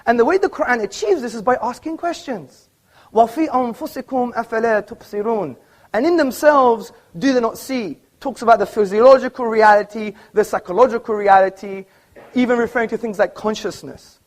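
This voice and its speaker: A man's voice: very high voice, fairly quick. A man giving an argumentative, emphatic public debate speech to a live audience in an auditorium, citing books as he goes.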